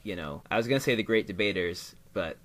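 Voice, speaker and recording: A man's voice: on the low side, lively intonation, fast talker, fairly bright tone. Male podcast co-host, casual recap, laughs easily, trails off with fillers. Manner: laughs often, hesitant with fillers and likes. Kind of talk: casual chat recapping a TV episode.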